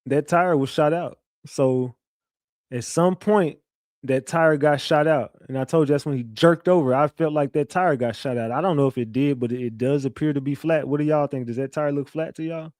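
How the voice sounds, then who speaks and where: A man with a somewhat high, slightly mellow voice speaks at a moderate pace while hosting a laid-back livestream. He swears freely, repeats himself, and reads viewer messages aloud. The audio is studio quality with no echo.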